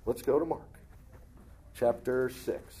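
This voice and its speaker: Husky-voiced man teaching scripture. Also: medium pitch, takes it slowly, mellow. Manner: reads verses aloud, then comments plainly; clears his throat often. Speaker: Bible teacher. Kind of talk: reading scripture and explaining it.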